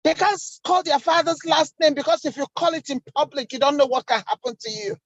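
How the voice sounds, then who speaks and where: A woman's voice: high-pitched, fairly quick, creaky, no echo, highs cut off. A Nigerian woman giving an angry, impassioned speech at an online protest, full of rhetorical questions. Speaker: protest speaker. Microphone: video call.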